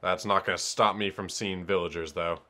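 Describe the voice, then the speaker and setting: A man casually commenting on his own gameplay, excitable and swearing, talking to himself as he plays. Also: sits low, moderate pace. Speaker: let's player.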